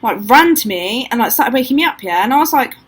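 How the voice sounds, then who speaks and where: A woman's voice: on the high side, fast, a little hiss or hum, low-quality recording. A young woman telling ghost stories to camera in casual, swear-filled chat, acting out what people said. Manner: swears a lot, acts out quotes, animated.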